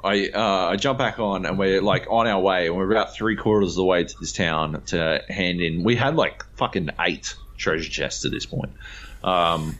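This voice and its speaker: Through dull lo-fi podcast audio, a deep-voiced man at a moderate pace tells a story while co-hosting a gaming podcast. He's an animated storyteller in casual chat, swearing freely and acting out voices.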